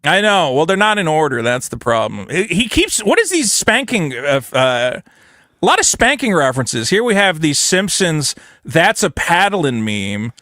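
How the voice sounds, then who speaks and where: A man co-hosting a comedy podcast, his voice pitched high and bright, swinging up and down as he jokes around. He mocks the texts he reads out in put-on voices, recorded close and dry with no room sound. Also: moderate pace, no room sound. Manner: animated, mocking voices when quoting texts. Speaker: podcast co-host. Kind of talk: casual comedic chat.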